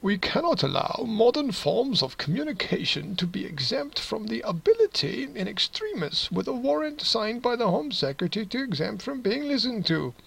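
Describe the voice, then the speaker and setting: A man's voice: high-pitched, very animated, moderate pace, vocal fry, few pauses, fairly bright tone, husky, pitched above the performer's own voice, full character voice, low-quality recording. A man putting on a mock Scottish accent to read out a politician's pompous quote.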